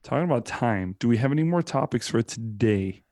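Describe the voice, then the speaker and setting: Fast-talking man, chatty podcast co-host. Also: mid-range voice, no echo, clean studio sound. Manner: animated, swears freely. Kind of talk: casual chat.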